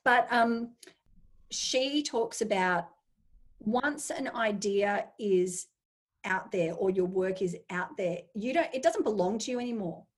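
A woman with a husky, slightly breathy voice talks through a relaxed interview. She speaks with enthusiasm and slips into little acted-out asides of her own thoughts. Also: medium pitch, takes it slowly. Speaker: guest. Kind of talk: casual interview chat.

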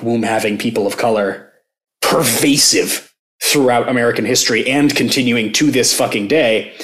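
A man of ordinary pitch co-hosting a casual political chat. He talks loosely, swears now and then, and reads out quotes. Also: a bit bright. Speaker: podcast co-host.

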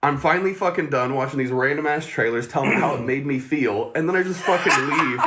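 A man's voice: mid-range voice, a little fast, very noisy. A man casually telling a long, profane story on a podcast and laughing often as he talks. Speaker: podcast co-host.

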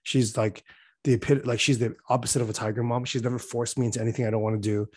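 Husky man chatting casually. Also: mid-range voice, little pitch movement, fast, darkish tone, dry recording. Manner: rambling, filler-heavy, laughing. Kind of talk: casual chat.

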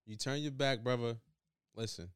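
A young podcast co-host states his opinions flatly and repeats his catchphrases. His voice is smooth and mid-pitched. The sound is dry and close. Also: moderate pace, dry recording. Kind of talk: casual chat.

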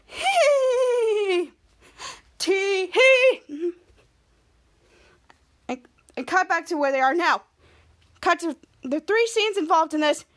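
A woman's voice: normal speed, pauses often. A young woman hosting a podcast, eagerly recapping a TV episode and acting out the characters' lines. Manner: energetic, acts out quoted lines with rising pitch. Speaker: podcast host.

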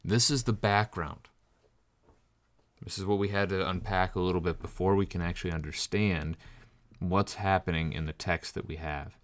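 A man with a very low, deep voice delivers a teaching sermon, walking through scripture and stressing key phrases. He reads verses slowly and then explains them plainly. The sound is close and dry, with no room around it. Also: fairly even intonation, no room sound. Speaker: preacher. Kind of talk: bible study sermon.

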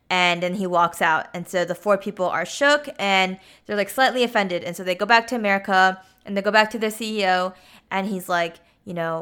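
A woman recounts a movie's story in a loose, chatty way, leaning on filler words as she goes. Her voice is bright and crisp, sitting at an ordinary pitch. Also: fairly even intonation, normal speed. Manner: chatty, with frequent 'like' and 'you know'. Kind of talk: casual film plot retelling.

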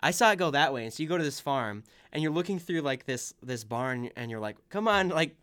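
A man's voice: fairly high pitch, animated, a little fast, fairly bright tone, clean tone. A man in casual chat, retelling a video game side quest in a rambling way and acting out the characters' lines.

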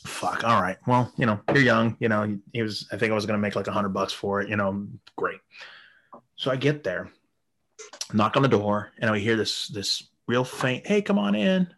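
A man telling a crude story in a casual podcast chat, swearing heavily and laughing while acting out quotes in an animated way. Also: fairly low pitch, normal speed.

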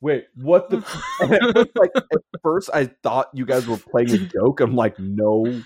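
A man's voice: mid-range voice, very animated, moderate pace, husky, dry recording. A man telling a funny story in a casual chat with friends, laughing often as he goes.

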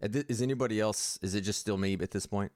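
A man's voice: lowish voice, fast talker, a little mellow. A man narrating his character's actions in a tabletop game, casual and hesitant, often laughing. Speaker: player.

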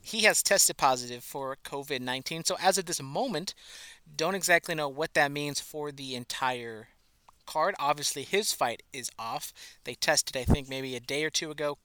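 A man's voice: fairly high pitch, moderate pace, sharp tone, clean tone, dry recording. A man co-hosting a casual sports podcast, talking loosely and teasing his co-host. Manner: conversational, teasing.

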